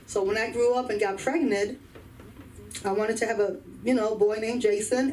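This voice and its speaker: A woman doing a stand-up set at an open mic, telling stories and laughing at her own punchlines. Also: mid-range voice. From New York. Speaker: stand-up comedian. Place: comedy club open mic. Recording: far from the mic, faint room noise.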